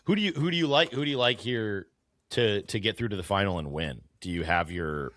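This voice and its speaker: A man's voice: lowish voice, fairly quick, a bit bright, no echo, clean studio sound. A man co-hosting a sports podcast, easygoing and agreeable, often trailing off and restarting his sentences. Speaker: podcast co-host. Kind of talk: casual sports chat.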